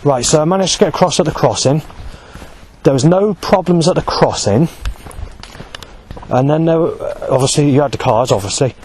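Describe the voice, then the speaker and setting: A man's voice: a little high, moderate pace, long pauses, a little mellow, a little hiss or hum, poor audio. A man giving an angry, rambling spoken account, swearing heavily and correcting himself often. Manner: heavily profane, agitated, rambling with many self-corrections. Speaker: vlogger.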